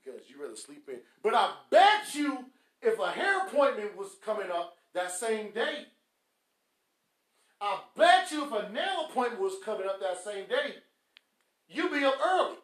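A man's voice: very high voice, big pitch swings, measured pace, fairly bright tone. A man, hosting a podcast with a blunt, scolding motivational rant that mocks people with quacking. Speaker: podcast host. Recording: echoey room.

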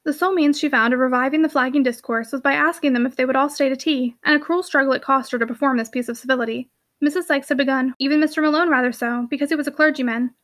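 A woman reading a classic novel aloud in a brisk, lively narration. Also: sits high. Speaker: audiobook reader.

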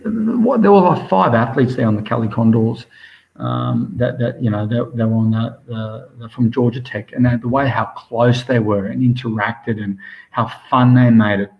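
A man's voice: mid-range voice, normal speed, creaky, muffled recording. An Australian man, a swimmer being interviewed, chatting casually and enthusiastically in long rambling stretches. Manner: enthusiastic, rambling, says "mate" constantly.

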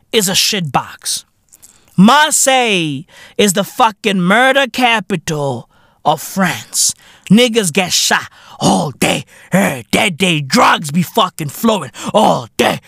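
A podcast host from South Africa talking in a casual, profane monologue, full of slang fillers and emphatic repetition. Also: male voice, high voice, sharp tone, dry recording, studio quality.

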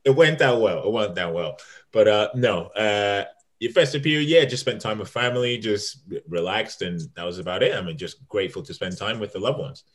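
Man, low voice, casual chat, easygoing, self-amused. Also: brisk, fairly bright tone. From England.

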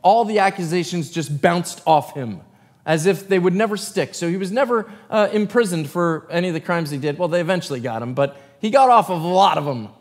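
A man's voice: high-pitched, expressive, a little fast, big-room sound. A man preaching a sermon as pastor. He reads scripture aloud and then breaks into loose, conversational asides. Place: church sanctuary.

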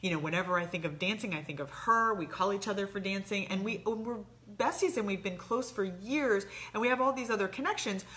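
A woman talking in a casual conversation, animated and acting out the voices of people she quotes. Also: mid-range voice, fairly quick, few pauses.

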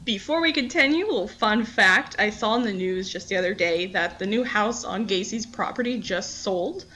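A young adult woman co-hosting a podcast, chatty and quick to laugh in casual chat. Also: mid-range voice, expressive, sharp tone. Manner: giggly, chatty, laughs often. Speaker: podcast co-host.

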